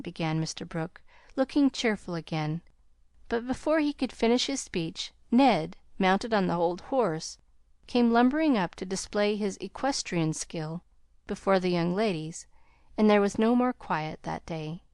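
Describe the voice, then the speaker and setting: A woman with a New Zealand accent narrating a classic novel as an audiobook, in a calm, even reading. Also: fairly low pitch, moderate pace, no room sound, studio quality.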